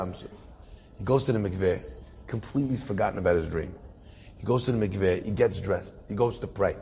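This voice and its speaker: A man's voice: deep voice, a little fast. A man, a rabbi, telling a story aloud and acting out its characters with rising emotion. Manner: animated, acts out the characters' voices with rising emotion. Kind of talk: storytelling talk. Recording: husky voice in a reverberant hall.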